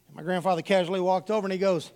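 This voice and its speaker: Guy preaching, high voice, tells folksy stories to the church. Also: steady tone, rapid-fire, a little mellow. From Texas. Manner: folksy storytelling, addresses the congregation as y'all. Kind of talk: sermon with personal stories.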